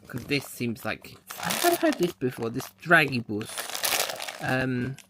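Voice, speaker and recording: A man's voice: medium pitch, sing-song, a little slow, noisy background. A man chatting casually as he unboxes a mystery box, thinking aloud as he handles the packaging. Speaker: unboxing vlogger.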